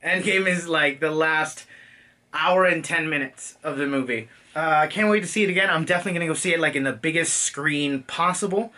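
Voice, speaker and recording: A man's voice: fairly high pitch, brisk, pushed and bright, distant mic. A man giving a casual, profane movie reaction, talking animatedly and acting out lines in silly voices. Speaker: movie reviewer.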